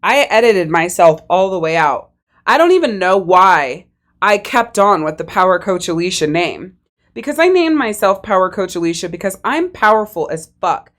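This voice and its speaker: A woman's voice: fairly low pitch, animated, moderate pace, fairly bright tone. A woman hosting her own podcast as a life coach, telling a personal story in a candid, conversational way and swearing casually.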